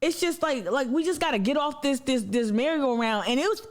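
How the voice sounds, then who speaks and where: A woman hosting an activist panel discussion, talking in an animated, slangy way and swearing freely. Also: sits high, a little fast. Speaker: activist show host.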